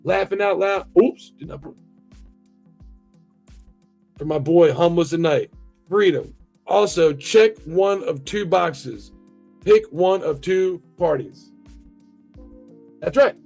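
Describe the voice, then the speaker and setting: A man's voice: sits high, slow pace, vocal fry, long pauses, a little mellow, soft background music. An American man hosting a livestream, chatting casually and rambling with plenty of swearing while talking to his chat. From United States. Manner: profane, rambling, talks to chat. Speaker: livestream host.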